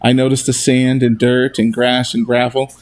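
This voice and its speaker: A man reading his own novel aloud as a steady first-person narration. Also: mid-range voice, moderate pace.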